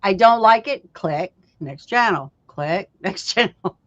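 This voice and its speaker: Slow-talking woman, casual stream chat. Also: medium pitch, lively intonation, fairly bright tone, no echo. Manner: storytelling, laughs often, acts out voices in retelling. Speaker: co-host of a live stream. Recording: dull lo-fi stream audio.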